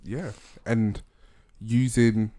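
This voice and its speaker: A man co-hosting a podcast, talking in a laid-back, measured way with short agreeing replies. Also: medium pitch, fairly even intonation, mellow, dry recording, clean studio sound. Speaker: podcast co-host. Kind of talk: casual chat. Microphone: podcast studio mic.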